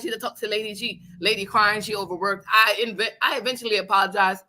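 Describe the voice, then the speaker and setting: A woman hosting a casual talk show, telling a story in an animated, emphatic and blunt way. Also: mid-range voice, fast talker, slight background noise. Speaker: host. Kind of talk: casual chat. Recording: live online radio show.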